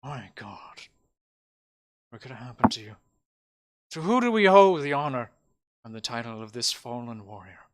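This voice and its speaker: A man's voice: animated, moderate pace, long pauses, noisy background, natural voice. A man voicing a pompous male town mayor who makes grand, formal speeches. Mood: solemn. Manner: booming, formal, stumbling over grand words.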